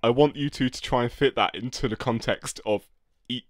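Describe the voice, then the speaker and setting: A man, a podcast co-host reading listener comments in relaxed casual chat with many fillers. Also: mid-range voice, a little fast, dry recording, clean studio sound. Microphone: close podcast mic.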